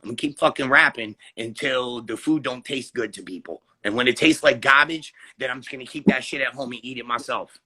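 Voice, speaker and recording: Raspy, bright-voiced rapper man. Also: mid-range voice, brisk, hardly any pauses. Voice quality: raspy, gravelly voice. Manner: loud, excitable, profane storytelling with laughs. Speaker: rapper guest. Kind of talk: casual interview chat.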